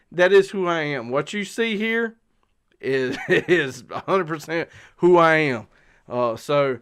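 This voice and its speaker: Rambling Southern man, smooth voice. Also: a little high. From South Carolina. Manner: rambling, lots of fillers and restarts. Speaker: outdoor channel host. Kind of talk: casual live-stream chat. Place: outdoors.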